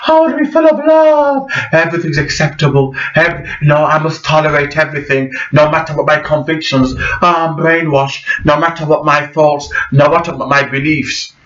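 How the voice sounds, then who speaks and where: Mocking high sing-song voice of a meek brainwashed man, put on by a male vlogger; dull lo-fi sound. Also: moderate pace, hardly any pauses, a bit bright, recorded from a distance, close to an everyday voice. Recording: echoey room, dull lo-fi sound.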